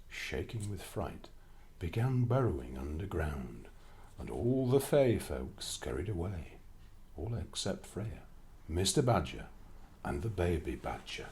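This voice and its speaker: A man narrating a children's storybook with an expressive, lively reading. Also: low voice.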